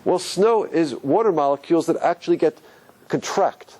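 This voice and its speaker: A man's voice: normal speed, poor audio. A man teaching a religious class as a rabbi, asking his listeners questions and swinging his voice up and down as he explains. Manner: animated, asks the audience questions, pitch swings up and down. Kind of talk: lively classroom lecture.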